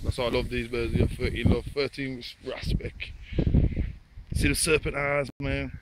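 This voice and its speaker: A man's voice: mid-range voice, level tone, normal speed. A man vlogging by a lake, chatting in a laid-back, repetitive way and talking to the birds. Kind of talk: casual chat to camera. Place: outdoors by a lake. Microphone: phone. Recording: noisy outdoor phone recording.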